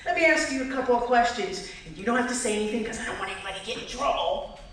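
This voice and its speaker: A woman's voice: on the high side, expressive, rapid-fire, fairly bright tone. Woman candidate addressing a crowd in an echoey hall. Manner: direct, asks the audience questions. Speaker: political candidate. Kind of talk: campaign speech at a forum. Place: community hall. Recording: echoey hall, mic from far off, faint noise.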